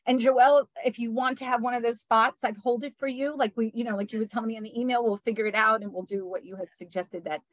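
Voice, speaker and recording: A woman's voice: fairly high pitch, steady tone, quick pace, few pauses, no echo, low-quality recording. Affectionate woman hosting a video call. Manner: gentle, affectionate, sprinkles in tag questions and soft laughs. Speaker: spiritual session host. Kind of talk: casual group video call talk.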